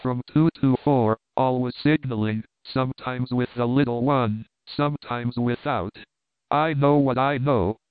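A man's voice: mid-range voice, fairly even intonation, a little slow, clean tone, no room sound, lightly acted. A man reading as a fawning, fearful wood sawyer. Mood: eager. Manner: eager, fawning. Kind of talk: audiobook character reading. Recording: tinny phone-like dry recording.

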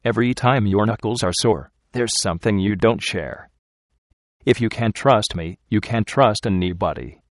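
A man voicing a loving young wife who gently coaxes her husband to confide in her. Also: on the low side, normal speed, dry recording, clean studio sound, natural voice. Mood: coaxing. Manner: gentle, coaxing and earnest.

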